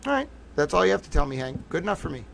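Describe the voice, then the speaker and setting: A man's voice: on the high side, big pitch swings, racing, gravelly, a bit bright, slight background noise. A man giving casual livestream commentary, talking in a rambling, profane and emphatic way.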